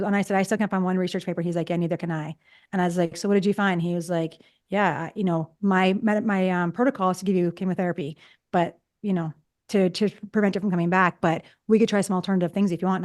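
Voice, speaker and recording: A woman in her fifties talks quickly and chattily as a guest in a relaxed interview. She tells personal stories and slips into acting out both sides of old conversations. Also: on the low side. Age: 50s. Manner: chatty, acts out past conversations. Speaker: psychologist guest. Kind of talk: casual storytelling interview.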